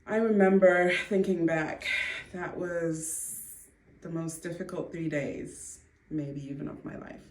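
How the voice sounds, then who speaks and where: Earnest woman, roomy distant sound. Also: low voice. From Zimbabwe. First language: Ndebele. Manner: earnest, reflective, quick to laugh softly. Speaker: mother sharing her testimony. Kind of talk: personal faith testimony.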